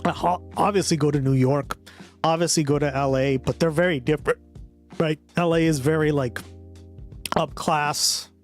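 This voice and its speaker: Boston man, livestream host, rambling casual chat, slightly high voice. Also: fairly even intonation, normal speed, faint music behind. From Boston area. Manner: rambling, filler-heavy, laughs a lot. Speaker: streamer host.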